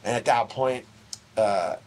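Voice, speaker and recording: A middle-aged man spins a rambling anecdote in a relaxed interview. He slips into the voices of the people he quotes and swears casually along the way. A faint hiss of noise sits under the recording. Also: medium pitch, slow pace. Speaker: interview guest. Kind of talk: casual storytelling.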